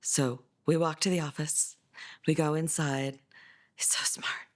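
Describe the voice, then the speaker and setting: A woman's voice: fairly even intonation, measured pace. A middle-aged mother tells her son's story in a documentary interview, in a conversational way with fillers and restarts, livening up when she voices what others said. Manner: voices others' words with livelier, higher delivery.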